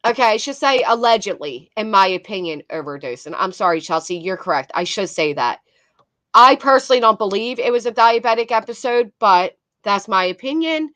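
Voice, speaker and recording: Bright, blunt woman commentating. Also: mid-range voice, no room sound. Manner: blunt, swears, reads chat aloud. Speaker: commentary host. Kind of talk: casual commentary on clips.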